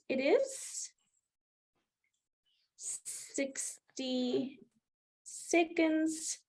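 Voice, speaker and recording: A woman leads a live online maths lesson from behind a streaming mic. Her voice sits slightly high and she moves at a slow, deliberate pace. She walks through each step patiently and keeps asking her students whether it makes sense. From South Africa. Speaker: maths teacher.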